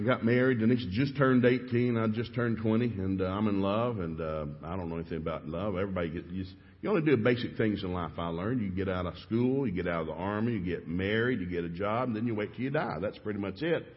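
A middle-aged man from East Tennessee with a Southern accent, telling stories fast and with animation in a sermon. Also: fairly low pitch, husky. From East Tennessee, USA. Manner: fast-talking, animated storyteller. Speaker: preacher. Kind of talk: storytelling sermon. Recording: dull echoey church recording.

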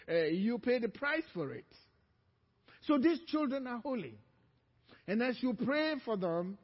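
A high-pitched man preaching slowly, his voice swinging from loud, urgent calls down to hushed, low lines. He sounds like he is in a church hall, with a long echo hanging after each phrase. The recording is dull and lo-fi. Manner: preaching that surges to loud emphatic calls, then drops low and quiet. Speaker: pastor. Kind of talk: sermon.

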